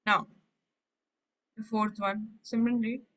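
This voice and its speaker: A woman's voice: mid-range voice, little pitch movement, slow pace, fairly bright tone, dull audio. A woman teaching a French class, reading short phrases and then explaining each one in English. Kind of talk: online language class explanation.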